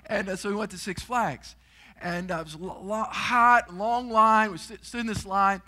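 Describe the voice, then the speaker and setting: A middle-aged man preaching a sermon in a church, telling stories with animated energy and sudden shouts. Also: sits high, normal speed. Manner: storytelling, animated, shouts and screams for effect. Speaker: guest preacher. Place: church auditorium.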